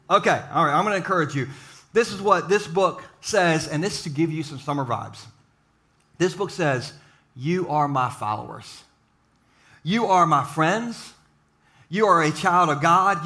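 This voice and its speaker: A man preaching a sermon to a live church audience, mixing jokes and quick asides with his encouragement. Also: on the high side, pushed and bright. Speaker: pastor.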